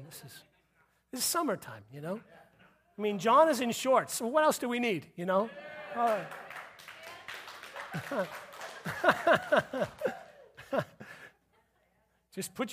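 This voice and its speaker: Pastor guy with a high voice, goofy sermon jokes, laughs at his own bits. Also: animated, a little slow, pauses often, fairly bright tone. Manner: joking, repeats punchlines, laughs at himself. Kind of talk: sermon with humor.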